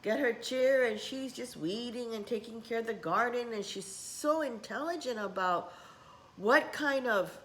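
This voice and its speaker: Middle-aged woman workshop teacher, casual vlog, unhurried and rambling, Japanese words scattered in. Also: on the high side, a little hiss or hum. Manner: rambling, warm-hearted, mixes in Japanese words.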